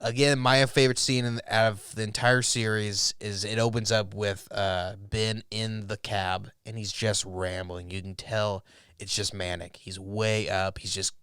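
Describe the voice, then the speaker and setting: A man co-hosting a podcast, casually retelling TV episodes in a rambling, animated way, with swearing and quoted lines. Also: lowish voice, a little slow, smooth, no room sound, clean studio sound. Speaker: podcast co-host. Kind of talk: casual TV review chat.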